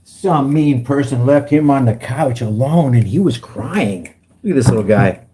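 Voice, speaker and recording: A man's voice: medium pitch, animated, moderate pace, warm tone, slight background noise. A man talking casually on a livestream, rambling and getting heated. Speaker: guest livestreamer.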